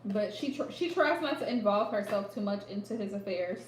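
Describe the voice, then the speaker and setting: A woman's voice: mid-range voice, animated, brisk, a little hiss or hum. A woman giving a live psychic reading, speaking straight to the listener and repeating phrases for emphasis. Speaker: psychic reader. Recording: echoey room.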